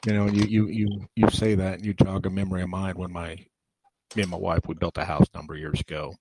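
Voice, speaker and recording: A man's voice: low voice, flat delivery, quick pace, background noise. A middle-aged man telling rambling personal anecdotes as a guest in a casual interview.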